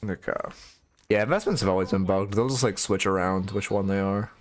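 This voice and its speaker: Low-voiced man giving blunt game coaching. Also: slight background noise. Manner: blunt, swears casually, quick opinionated asides. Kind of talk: casual live-stream coaching commentary.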